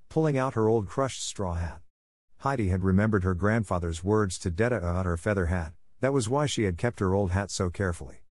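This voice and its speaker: A man narrating an audiobook in a steady, measured reading. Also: low-pitched, dry recording, studio quality.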